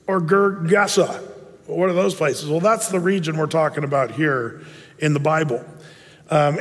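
A man's voice: fairly high pitch, big-room sound. A man, a pastor giving a conversational sermon full of restarts and asides. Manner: conversational, digressive, with many restarts.

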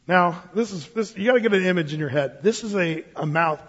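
A man's voice: a little high, quick pace, hardly any pauses, fairly bright tone, slightly rough. A man preaching a casual verse-by-verse Bible sermon, joking and digressing as he teaches. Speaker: pastor. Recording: dull sound with long reverb.

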